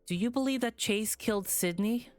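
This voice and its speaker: A streamer voicing a calm, plain-spoken young woman in a visual novel, speaking in a flat, even tone. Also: medium pitch, moderate pace, soft background music, voice pushed up, natural voice. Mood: blunt. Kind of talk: visual novel read-aloud.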